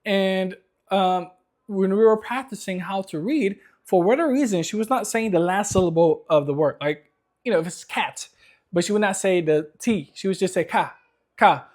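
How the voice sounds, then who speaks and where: A man's voice: sits high, a little mellow. A man in his thirties talking casually to camera in an upbeat, rambling way with many restarts. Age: 30s. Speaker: vlogger.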